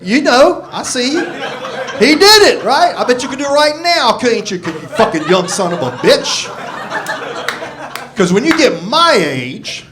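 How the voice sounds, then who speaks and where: A man's voice: very high voice, big pitch swings, measured pace, a crowd in the background. A man in his sixties doing a profane, self-deprecating stand-up set into a handheld microphone on a comedy club stage. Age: 60s. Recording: live comedy club with audience laughter.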